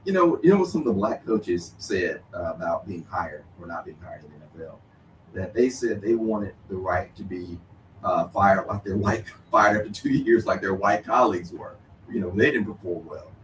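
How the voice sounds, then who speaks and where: Low-voiced lawyer guest, echoey. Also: male voice, lively intonation, moderate pace, fairly bright tone, slight background noise. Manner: explanatory, uses "you know" and "okay" a lot. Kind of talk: radio debate. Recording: roomy distant sound with faint ambience.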